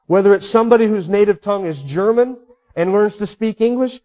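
A man's voice: high-pitched, fairly quick, dark tone, muffled recording. A man preaching a sermon in an emphatic way, repeating key words for stress. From United States. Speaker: pastor.

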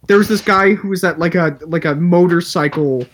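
Wry rambling man, slightly high voice. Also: moderate pace. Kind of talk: casual chat.

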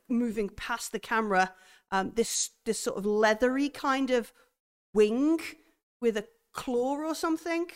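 A young woman narrating a tabletop horror game as game master, hesitant with many pauses and restarts. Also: a little high, smooth.

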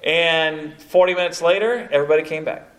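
A man's voice: on the high side, fairly quick. A man leading a church evangelism training session, telling stories with many asides to a live group. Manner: storytelling, animated, many asides like "you know, kind of thing". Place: church meeting room with a live audience.

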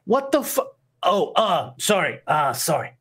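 A woman voicing a panicked, brash male underling boss who swears in a high, excited voice. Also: slow, husky, heavily acted. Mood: flustered.

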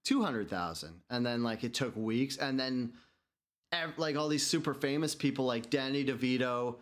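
A man co-hosting a casual podcast chat, excitable and swearing freely. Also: medium pitch, moderate pace.

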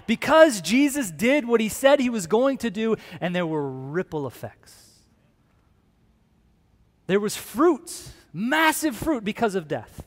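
A man preaching a lively sermon to a congregation, acting out other people's voices. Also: high-pitched, slow. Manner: animated, acts out voices of disciples. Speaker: pastor. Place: large room with a congregation. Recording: long hall reverb.

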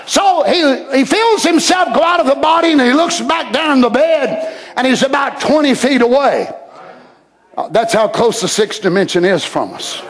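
A man preaching a sermon, swinging from shouted, drawn-out lines to low murmurs. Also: lively intonation.

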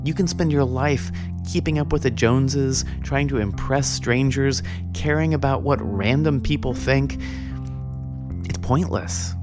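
A man's voice: mid-range voice, a little mellow, dry recording, studio quality. A man giving a Christian teaching talk, casual and earnest, with many fillers as he tells desert stories. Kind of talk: spiritual teaching talk with storytelling.

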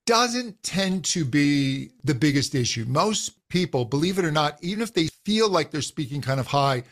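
A middle-aged vocal coach, his voice pitched a little high for a man, gives explanatory interview answers at normal speed. Calm and instructive, he explains anatomy and technique steadily and clearly like a teacher guiding a guest through the basics, demonstrating with his own voice.

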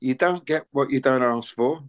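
An older man who talks in a loose, anecdotal way, full of "you know" and asides. His voice sits at an ordinary middle pitch, and he slips into quick little impressions when he quotes people. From England. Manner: chatty, anecdotal, plays out dialogue in quoted voices. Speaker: interview guest, musician. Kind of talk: relaxed conversational storytelling.

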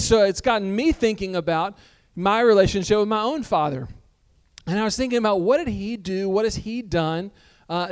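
High-voiced, smooth-toned pastor. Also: male voice. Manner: relaxed, self-deprecating storytelling with humor. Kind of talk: conversational sermon. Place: church sanctuary before a congregation.

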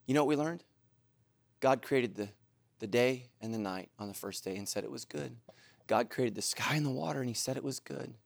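Middle-aged guy preaching, storytelling, gets loud then drops low and earnest, dry sound. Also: brisk, vocal fry, no room sound. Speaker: pastor. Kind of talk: sermon.

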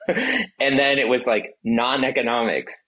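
A trial attorney appears as a podcast guest, talking casually in an emotional, halting way with many restarts and fillers. His voice is medium-pitched, and the audio sounds dull.

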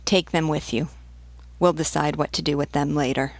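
Curt ruthless old-regime general in an audiobook, read by a woman, low and gravelly. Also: steady tone, normal speed, no echo. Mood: coldly commanding. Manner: curt clipped commands. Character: cold ruthless aristocratic male Royalist general.

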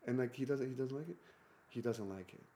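A man's voice: mid-range voice, fairly quick, a little hiss or hum. A man speaking English as a second language, telling stories in a casual conversation and acting out what people said. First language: not English. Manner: animated storyteller who acts out quotes. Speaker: guest.

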